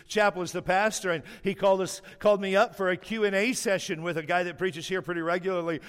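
A man preaching a sermon, telling a story with animation and slowing down hard on the words he wants to stress. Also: high-pitched, fairly even intonation, fairly bright tone, smooth, big-room sound.

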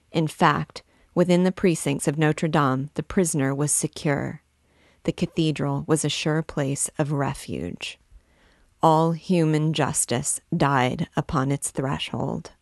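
A woman guiding listeners through a classic novel, reading it aloud in a measured, deliberate way. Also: sits low, no room sound, studio quality. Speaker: book reader and guide. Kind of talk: literary read-aloud narration.

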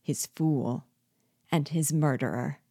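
A woman's voice: sits low, steady tone, darkish tone, no echo, studio quality. Habibra, a woman voicing a sinister vengeful dwarf. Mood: menacing. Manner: slow, mocking and menacing.

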